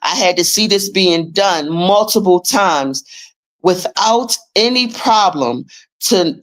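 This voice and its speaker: A woman hosting a livestream, ranting in a blunt, profane and emphatic way as she urges listeners to take charge of their money. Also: lowish voice. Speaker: livestream host teaching finance paperwork. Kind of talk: casual livestream rant.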